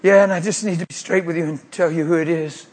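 A man preaching a sermon, telling a story with acted-out voices, moving between hushed tones and shouts. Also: a little high, fast talker, noisy background. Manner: animated, acts out voices, swings from hushed to shouting.

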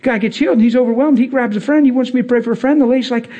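Husky, high-voiced animated preacher man. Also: racing, dull audio. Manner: animated, laughing, slangy. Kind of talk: casual storytelling sermon.

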